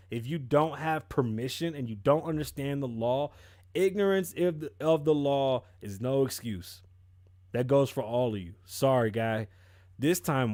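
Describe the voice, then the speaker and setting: A male podcast host in casual commentary, swearing freely and telling stories with animated energy. His voice sits in a middle pitch, and the sound is dry and close with no room echo. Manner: profane, animated storytelling.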